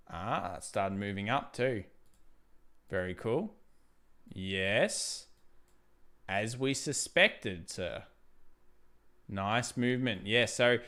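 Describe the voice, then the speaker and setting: A man's voice: mid-range voice, clean tone. A young man hosting a live stream, chatting casually about trading charts and reading out viewer messages. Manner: chatty, animated, reads viewer super chats aloud. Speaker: livestream trading host.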